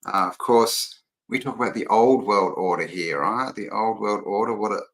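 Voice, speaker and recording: A man's voice: fairly low pitch, moderate pace, creaky, a bit bright, rough recording. An Australian man hosting a casual livestream, rambling chattily and greeting viewers by name as he reads their comments. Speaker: livestream host.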